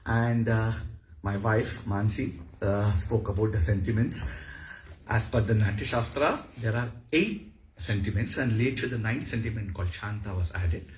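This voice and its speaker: A man's voice: fairly low pitch, normal speed, a little hiss or hum. Indian-accented man lecturing in an echoey hall. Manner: explanatory, animated. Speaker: dance lecturer. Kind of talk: lecture with demonstrations.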